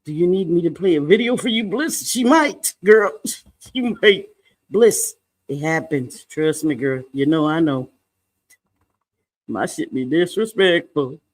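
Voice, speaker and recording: A middle-aged man with a notably high voice chats casually on a livestream. He talks playfully, laughs a lot and swears lightly as he greets people. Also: unhurried. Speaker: livestream co-host.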